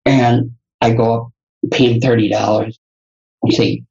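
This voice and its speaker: Very husky, gravelly man telling stories. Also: medium pitch, moderate pace, highs cut off. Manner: animated storyteller who acts out quoted dialogue. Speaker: guest, educator and entrepreneur. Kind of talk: anecdotal storytelling in conversation.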